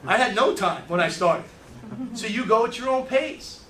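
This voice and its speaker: A man leads a sales training in a meeting room, throwing questions at his audience and telling brash, joking stories. His voice sits high and bright. He is picked up from far off, in a room with plenty of echo. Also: moderate pace, a little hiss or hum. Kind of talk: live training talk. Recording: echoey room, mic from far off.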